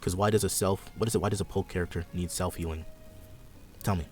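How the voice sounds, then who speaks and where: A man's voice: low-pitched, fairly even intonation, quick pace, darkish tone, faint music behind. A young man hosting a casual gaming chat, rambling and a bit sarcastic as he walks through his ideas. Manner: laid-back, rambling, sarcastic. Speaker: podcast host.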